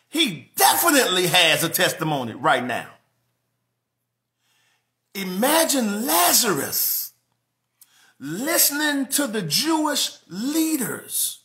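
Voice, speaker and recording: Preacher, man, higher voice, very lively swings, climbs to shouts. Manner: preaching with rising, shouted emphasis and laughter. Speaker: pastor. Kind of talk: sermon.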